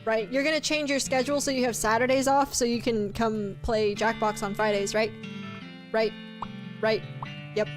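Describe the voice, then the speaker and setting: A high-pitched woman chats with her stream audience in a bubbly, teasing way, breaking into laughter often. Faint music plays quietly underneath her voice. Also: level tone, normal speed. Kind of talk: casual live-stream chat.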